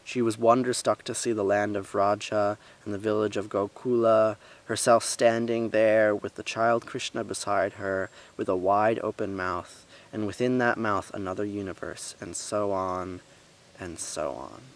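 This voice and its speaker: A man reading a story aloud in a lively way, giving the characters voices and adding his own remarks. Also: fairly low pitch, a little slow.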